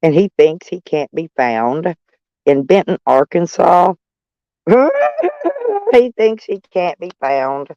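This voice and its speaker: A woman's voice: sits low, expressive, slow, pauses often, no echo, lo-fi sound. An older woman, hosting a casual livestream with brash, profane, laughing taunts. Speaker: livestream host.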